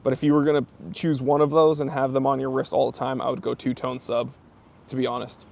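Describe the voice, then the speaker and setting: Gravelly-voiced man hosting a live Q&A. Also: medium pitch, little pitch movement, fairly quick, darkish tone. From near New York. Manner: reads viewer comments aloud, chatty with many fillers. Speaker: live stream host. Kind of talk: casual live Q&A.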